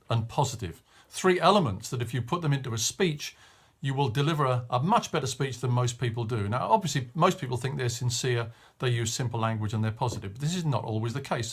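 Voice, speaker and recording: A middle-aged man giving a short coaching tip on public speaking, talking in a clear, measured way and stressing key words. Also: mid-range voice. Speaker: media coach.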